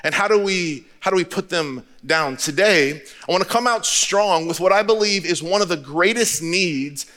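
Bright, high-voiced American pastor preaching. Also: male voice, moderate pace, hardly any pauses. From United States. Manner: candid storytelling, conversational with repetitions. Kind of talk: sermon.

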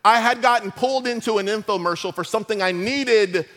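Middle-aged pastor guy, pretty high voice, cracking jokes and telling stories mid-sermon. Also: brisk. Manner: humorous storytelling, lively asides to the congregation.

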